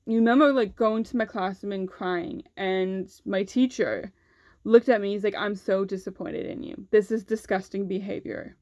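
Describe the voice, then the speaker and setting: A woman's voice: mid-range voice, a little mellow, no room sound. Candid young woman vlogger, dry sound. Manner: candid, swears freely, heavy use of "like". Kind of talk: casual storytelling vlog.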